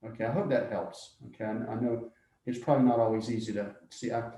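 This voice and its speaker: A man's voice: medium pitch, steady tone, fast, warm tone. A man art teacher giving a live demonstration lesson, thinking aloud as he works and often checking in with "okay?". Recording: dull roomy lo-fi recording.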